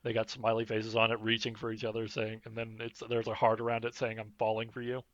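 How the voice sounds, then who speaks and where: A man co-hosting a podcast, talking in halting, repetitive casual chat and laughing often. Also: fairly low pitch, completely flat delivery, highs cut off. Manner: halting, repeats words, laughs a lot.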